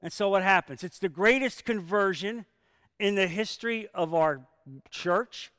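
A man preaching a sermon as pastor, emphatic, with rhetorical questions and sudden swings in loudness. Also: high voice, a little slow, clean tone, no room sound, studio quality, long reverb tail.

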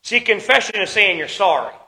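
A man preaching a sermon as pastor, swinging between loud emphatic lines and quiet ones, slowing down to stress key words. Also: high-pitched, lively intonation, gravelly, poor audio. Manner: preaching with dramatic shifts in loudness and pace.

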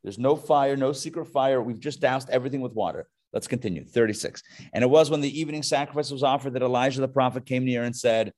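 A man teaching a text study class, reading verses aloud and breaking in with wry, joking comments. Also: fast. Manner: animated, jumps in pitch for emphasis. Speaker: Torah teacher.

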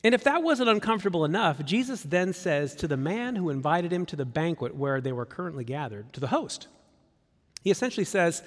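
Guy preaching in a church, high lively voice, chatty, big hall echo. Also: a little fast. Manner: conversational, animated, acts out quoted voices. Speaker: pastor. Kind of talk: sermon.

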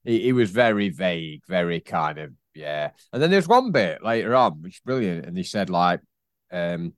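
A man's voice: low-pitched, big pitch swings, moderate pace, dry recording, studio quality. A man co-hosting a casual football podcast, rambling and teasing his co-host with frequent laughs.

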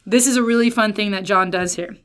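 A woman teaching Scripture in a relaxed, conversational way, at an ordinary pitch for her voice. She talks in bursts, stresses key words hard and often breaks off mid-sentence. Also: fairly quick, smooth. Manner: chatty, emphatic, self-interrupting. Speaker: Bible teacher. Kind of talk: casual Bible teaching.

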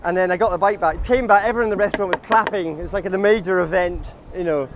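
Rapid-fire and high-voiced, a comic tour guide tells absurd, chatty stories to a walking group outdoors on a city street, calling everyone guys. Background noise can be heard.

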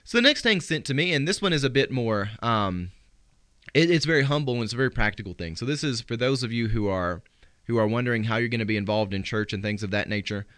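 A male pastor giving a live-streamed sermon, answering questions sent in by listeners and reading scripture slowly for emphasis. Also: mid-range voice, expressive, fairly bright tone, no echo. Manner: earnest, reflective, quotes scripture with slowed emphasis.

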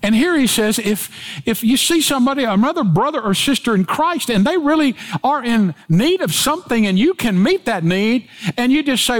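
A man preaching a sermon with emphatic delivery and dramatic swings in pitch and pace. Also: lively intonation, normal speed. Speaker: pastor.

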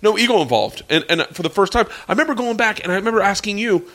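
A man in his forties telling a long comedy story in casual chat, animated and profane, often laughing. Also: high-pitched, very fast. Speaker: comedian guest.

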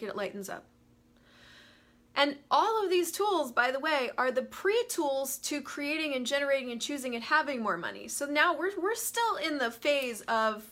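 Bright, animated woman coaching live. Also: high-pitched. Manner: animated, laughs often, greets viewers mid-sentence. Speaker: host of a live money coaching show. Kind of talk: casual live-stream coaching talk.

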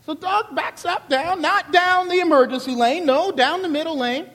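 A male pastor from Charleston, South Carolina, preaches a sermon in his high, Southern-accented voice. He tells stories in an animated, colloquial way at a moderate pace, and the sound has a long reverb tail.

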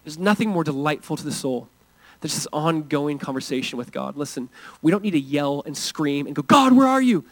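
Earnest high-voiced American pastor preaching. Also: male voice, a little fast, dry recording, low-quality recording. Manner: earnest, swings from intense to hushed and intimate. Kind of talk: sermon.

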